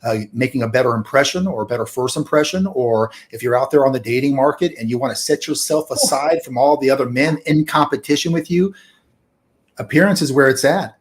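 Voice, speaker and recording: A man hosting a podcast in casual chat, talking in a measured way and steering the topic. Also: medium pitch. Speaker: podcast host.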